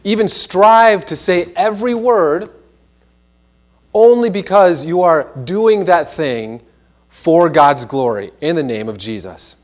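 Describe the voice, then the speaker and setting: A man preaching a sermon in a church, animated and earnest, sometimes mimicking voices in quoted asides. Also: on the high side, slow. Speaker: pastor.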